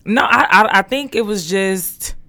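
A podcast co-host telling stories in casual chat, cursing freely and animated. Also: mid-range voice, measured pace. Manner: animated storyteller, cursing freely, acting out quotes in a raised voice.

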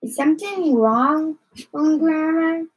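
A woman voicing a polite, cheeky young boy in a storybook read slowly aloud. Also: sits high.

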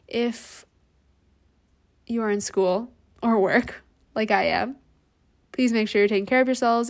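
A woman's voice: medium pitch, creaky. A young woman hosting a solo podcast, talking casually with lots of "um" and "like" fillers. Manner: chatty, many "um" and "like" fillers. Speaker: podcast host.

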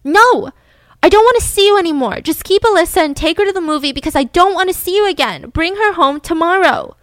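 A woman voicing a jealous, furious wife who insists loudly and repeats herself. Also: very high-pitched, animated, fairly quick, no room sound, voice pushed up. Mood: harsh. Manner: insistent, raised and repetitive.

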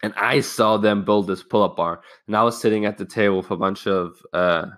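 Low-voiced young man telling a candid story. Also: fairly even intonation, a little fast, a bit bright. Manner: candid storytelling with casual swearing; loose, rambling phrasing with restarts. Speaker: podcast host. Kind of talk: casual self-help monologue.

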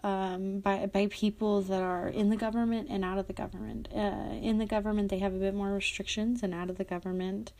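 A woman's voice: mid-range voice, flat delivery, a little fast, few pauses, a little mellow. A young woman hosting a solo podcast, chatting casually and reading articles aloud, rambling with many fillers and self-corrections. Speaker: podcast host.

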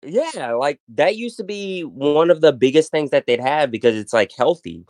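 A man's voice: a little high, animated, normal speed, darkish tone, no room sound. A man hosting a casual podcast, telling rambling stories full of fillers and restarts. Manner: rambling storytelling with many fillers. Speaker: podcast host. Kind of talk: casual chat.

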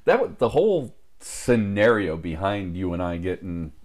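Low-voiced laid-back man reminiscing. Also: big pitch swings, moderate pace, a little mellow. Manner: laid-back, chuckling, swears freely. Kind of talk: casual storytelling chat.

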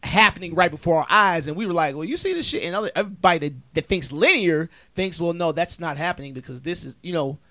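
A man with a slightly high voice holds forth in a loose, profane podcast chat. He circles around his point and leans on it for emphasis. The sound is dry and close, with no room around it. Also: fast talker, hardly any pauses, sharp tone, no echo. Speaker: comedian podcast co-host.

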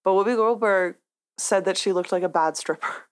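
A woman's voice: medium pitch, moderate pace. A young woman co-hosting a podcast, casually telling stories with the odd giggle. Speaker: podcast co-host. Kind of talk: casual chat.

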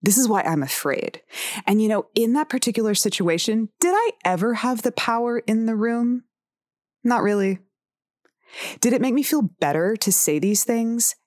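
A woman's voice: a little high, expressive, moderate pace, a little mellow, dry recording, studio quality. A woman in her forties hosting a personal tarot podcast, talking frankly and candidly, with swearing and laughs. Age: 40s. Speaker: podcast host.

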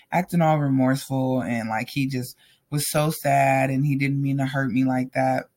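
A man's voice: mid-range voice, normal speed. A man telling a personal story in a casual, candid way, talking straight to his viewers. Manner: candid and animated, addresses viewers directly.

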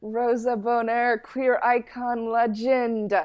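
A woman's voice: on the high side, level tone, takes it slowly, a little mellow. A young adult woman co-hosting a podcast, talking emphatically in casual chat and repeating phrases for effect. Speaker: podcast co-host.

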